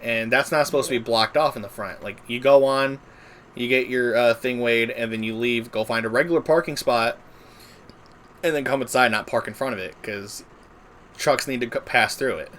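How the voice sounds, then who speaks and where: A man's voice: mid-range voice, normal speed, fairly bright tone, a little hiss or hum. A man streaming a game, telling a long story casually, with lots of filler words and swearing. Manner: rambling, filler-heavy, profane. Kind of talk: casual storytelling while gaming.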